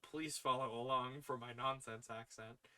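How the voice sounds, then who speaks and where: Man, podcast host, casual stream chat, playful, giggly, bright voice. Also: mid-range voice, fairly even intonation, moderate pace. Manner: playful, giggly, teasing his cats. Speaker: podcast host reading old stories aloud.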